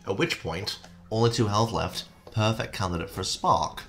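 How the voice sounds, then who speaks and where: Deep-voiced man hosting game commentary. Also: moderate pace, a bit bright, soft background music. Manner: chatty, jokey, laughs often. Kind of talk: casual gameplay commentary.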